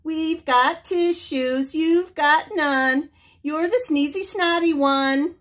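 A woman voicing cheeky little pigs in a storybook read-aloud, squeaky and sing-song. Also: huge pitch swings, a little slow, a bit bright, full character voice. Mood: gleeful.

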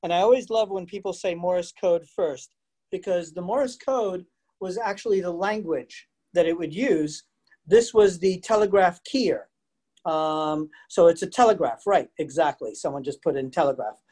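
A man's voice: high-pitched, moderate pace. Chatty man giving a virtual lecture. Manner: chatty, animated, asks the audience questions. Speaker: museum educator and presenter. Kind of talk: live virtual lecture with storytelling. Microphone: computer mic on a video call.

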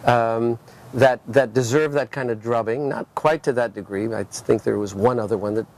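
An older man, a gallery owner, talking over lunch in a casual conversation, full of animated stories and frequent restarts. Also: mid-range voice, normal speed.

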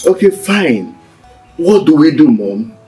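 A man's voice: fairly high pitch, very animated, slow pace, warm tone, faint music behind. An actor playing an anxious young son who is about to marry and doubts what he hears. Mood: worried. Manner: doubtful, fretful.

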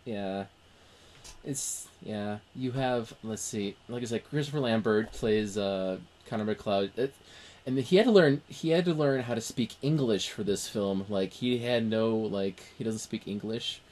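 A man with a fairly low voice talks through movie trivia in a loose, rambling way, often stopping to restart his sentences. It is relaxed podcast chat between friends. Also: measured pace. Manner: rambling, many fillers and restarts. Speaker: podcast co-host. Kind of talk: casual film discussion.

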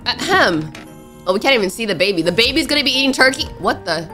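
A young woman narrating a horror game as she plays, excitable and talking to the characters on screen. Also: fairly high pitch, quick pace, faint music behind. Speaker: gaming YouTuber. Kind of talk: let's play commentary.

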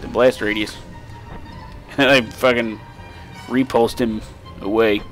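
With a medium pitch and a slow delivery, a young let's play host chats casually about the game he's playing. He gets excitable, swears, and laughs often; the desk-mic recording carries soft background music.

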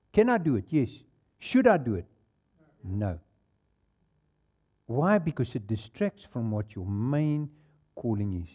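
A man's voice: on the high side, dark tone. A male pastor with a South African accent preaching a sermon in a church, telling stories and laughing at his own anecdotes. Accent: South African English.

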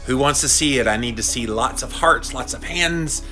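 A man's voice: mid-range voice, normal speed, sharp tone, soft background music. A man chatting casually on a live stream from his phone, talking straight to viewers and reading their comments aloud, his voice shaking from a vibration plate. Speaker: health podcaster livestreaming. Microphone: phone held while filming.

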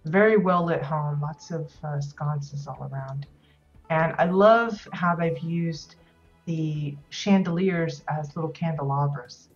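A woman's voice: deep voice, slow, dull audio, faint music behind. A woman hosting a casual video tour of player-built homes in a game, talking loosely with lots of ums and restarts. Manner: rambling, many ums and restarts. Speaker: host touring player houses in a game.

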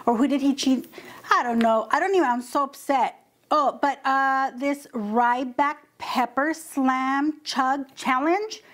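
A woman's voice: high voice, unhurried, fairly bright tone. A woman hosting a home vlog, telling a story in a mock-upset, dramatic way and acting out the other people's lines, on a lapel mic. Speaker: vlog host. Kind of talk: casual chat to camera. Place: home kitchen.

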